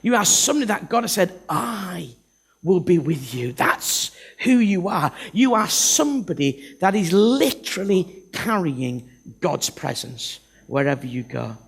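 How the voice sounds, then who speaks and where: Man preaching, lively pitch swings and a gravelly edge, jokey and self-mocking. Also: a little slow. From north of England. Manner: humorous, self-deprecating, acts out Bible characters. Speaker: visiting preacher. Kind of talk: sermon.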